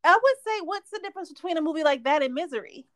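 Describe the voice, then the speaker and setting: A woman with a high, bright voice chats casually with her co-host. She laughs a lot and teases playfully. The recording is close and dry, with no room sound. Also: expressive, fast talker, no echo. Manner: laughs often, playful teasing. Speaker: podcast co-host. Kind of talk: casual chat.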